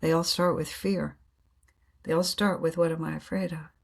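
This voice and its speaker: Husky-voiced woman telling spiritual stories. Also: low voice, steady tone, normal speed. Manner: earnest, laughs often, acts out inner dialogue. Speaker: guest. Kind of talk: reflective spiritual storytelling.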